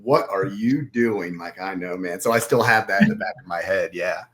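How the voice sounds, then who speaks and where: A man's voice: low voice, fairly even intonation, brisk, a bit bright, slight background noise. A man talking casually as a podcast guest, rambling and acting out his own inner voice.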